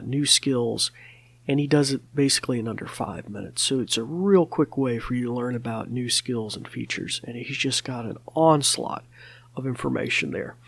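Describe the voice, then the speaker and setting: A man's voice: mid-range voice, vocal fry, husky. A man hosting a podcast, talking casually with many fillers and restarts. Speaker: podcast host.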